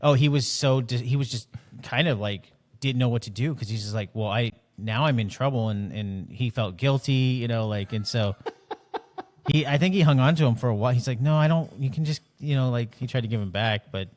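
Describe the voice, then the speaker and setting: A man co-hosting a podcast, talking in a laid-back, halting way in casual chat. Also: mid-range voice. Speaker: podcast co-host. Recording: long reverb on the voice.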